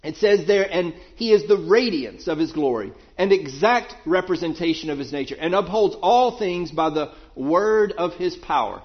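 A man preaching a Bible sermon, asking questions and dropping low to answer them. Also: expressive, normal speed, hardly any pauses, highs cut off.

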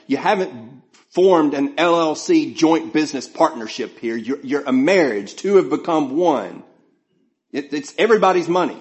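Middle-aged male pastor, earnest conversational sermon delivery, slightly high-pitched. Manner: earnest, conversational preaching with frequent restarts.

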